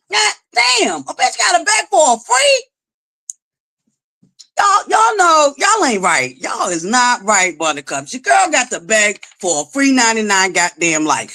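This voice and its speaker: A woman runs a casual gossip commentary vlog, sassy and profane, scolding her viewers as she swings between low asides and loud exclamations.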